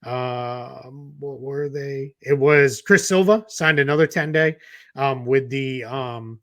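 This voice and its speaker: A man's voice: mid-range voice, takes it slowly, a bit bright, no room sound. A man with a Boston accent co-hosting a basketball podcast, talking through roster moves in a loose, casual way with fillers and restarts. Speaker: podcast co-host, basketball analyst. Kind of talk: casual chat.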